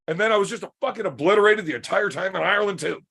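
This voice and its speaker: Gravelly, profane Canadian man telling stories. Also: high-pitched, rapid-fire, pushed and bright. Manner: profane, boisterous, rambling anecdotes. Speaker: podcast co-host, arm wrestler. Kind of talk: casual podcast storytelling.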